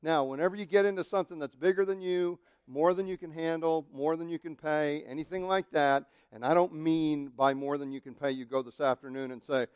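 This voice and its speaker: Animated high-voiced man preaching. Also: brisk, hardly any pauses, clear, resonant tone, no echo, clean studio sound. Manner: animated, jumps into quoted voices and jokes. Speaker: pastor. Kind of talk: sermon.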